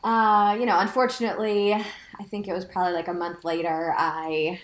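A chatty woman in her thirties tells a personal story, peppering it with "like" and quoting what she said. Her voice sits fairly low, and the room around her gives it a noticeable echo. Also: little pitch movement, normal speed. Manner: chatty, many "like" fillers, quotes herself. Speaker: guest sharing her story. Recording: roomy echo.

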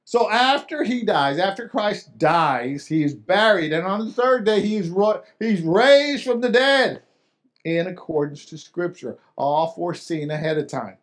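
Unhurried and with lively intonation, a high-voiced pastor delivers a sermon as though chatting with his congregation. He repeats himself, restarts sentences, poses questions, and lets his volume rise and fall for emphasis.

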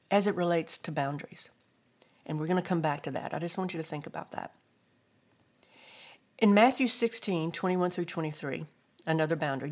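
A middle-aged woman giving a devotional teaching talk, telling personal stories and lifting her voice for scripture quotes. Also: on the low side. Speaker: Christian speaker.

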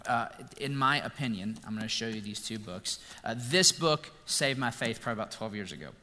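Bright-voiced man preaching in a reverberant hall. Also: medium pitch, a little fast. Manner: conversational, playful, animated storytelling. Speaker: pastor. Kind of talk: sermon.

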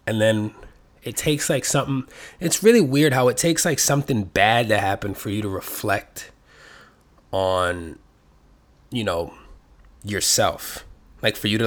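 A man talking casually and at length, rambling and cursing freely, with his voice rising and getting louder when he gets excited. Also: medium pitch. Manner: rambling, profane, self-reflective. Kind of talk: casual solo chat.

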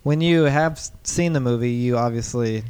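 A podcast host in casual chat who teases his guests with wry questions. His voice is smooth and clear, pitched in the middle. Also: moderate pace, a little mellow.

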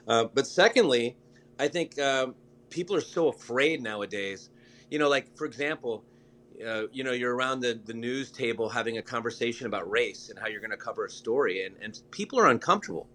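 A man's voice: medium pitch, animated, fairly quick, sharp tone. A man who works in news, speaking as a guest in a casual interview, talking in a chatty, rambling and enthusiastic way.

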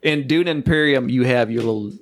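A man's voice: mid-range voice, fairly quick. A man co-hosting a podcast, chatting casually about board games and often losing his thread and starting over. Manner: rambling, loses his thread and restarts. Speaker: podcast co-host. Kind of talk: casual chat, board game review.

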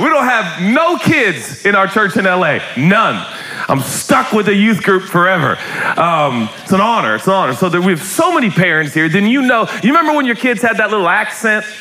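A man preaching a lively sermon in a church, joking, shouting and acting out voices as he talks. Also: high-pitched. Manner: animated, joking, shouts and acts out quotes. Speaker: pastor. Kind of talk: lively sermon to a live congregation. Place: church hall.

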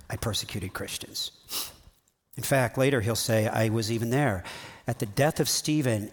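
A middle-aged male pastor giving a sermon in a conversational, animated way, acting out quotes as he teaches. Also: mid-range voice.

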